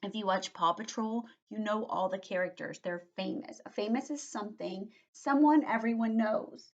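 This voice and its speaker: A woman teacher explaining words to small children in an animated, patient way, her voice rising and falling often. The recording is dull and slightly lo-fi. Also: mid-range voice. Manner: animated, explains slowly with questioning tags. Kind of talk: read-aloud lesson for young children.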